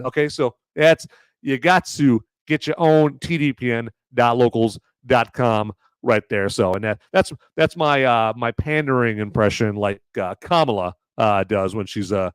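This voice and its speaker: A man's voice: medium pitch, a little slow, clean tone, no echo. A man hosting a live movie review stream in casual, rambling talk full of fillers and crude jokes. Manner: rambling, peppered with "uh" and "right there"; jokey, crude banter.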